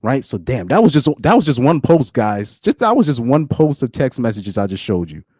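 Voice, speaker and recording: A man's voice: mid-range voice, very animated, moderate pace, darkish tone, husky, no room sound, clean studio sound. A man doing casual live-stream commentary, rambling and repeating words, often breaking into laughs.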